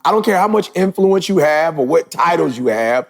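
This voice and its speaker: Man, 40s, podcast host. Gravelly, slightly high-pitched, emphatic and rising. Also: animated, normal speed. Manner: emphatic, building to shouts. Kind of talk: casual podcast talk.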